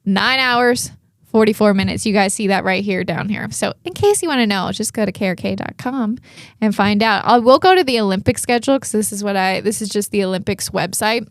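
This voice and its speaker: Young female TV co-host, upbeat chatter, mid pitch, dry studio sound. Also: a little fast, no room sound. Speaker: morning show co-host. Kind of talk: casual chat.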